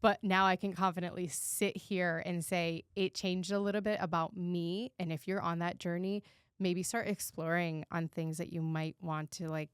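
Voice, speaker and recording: Lady podcast cohost chatting, lowish smooth voice, swears a lot, super animated. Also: moderate pace, dry recording, studio quality. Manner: animated and candid, swears freely. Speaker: podcast co-host. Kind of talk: casual storytelling chat.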